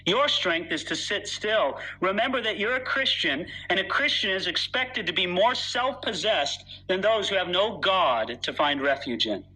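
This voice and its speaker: A man's voice: high voice, expressive, moderate pace, few pauses, sharp tone, breathy edge, rough recording. A man preaching a sermon in an earnest, emphatic way, reading scripture aloud with dramatic weight.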